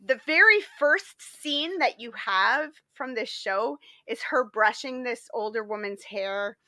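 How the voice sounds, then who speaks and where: A woman co-hosting a podcast, chatting casually and retelling a story in a lively way full of fillers. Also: fairly high pitch, takes it slowly, no room sound. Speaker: podcast co-host. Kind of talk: casual chat.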